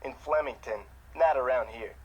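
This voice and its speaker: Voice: mid-range voice, normal speed, slightly rough, muffled recording, lightly acted. An actor voicing an easygoing young security guard at an amusement park in a mystery game.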